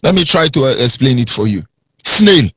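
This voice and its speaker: A Nigerian man delivering an impassioned radio address with a wide, swooping voice that climbs high when heated. His tone is bright and slightly husky, and the sound is dry and close. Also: expressive, moderate pace, dry recording. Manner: preachy, emphatic, swings from low and grave to high and heated. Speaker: radio anchor.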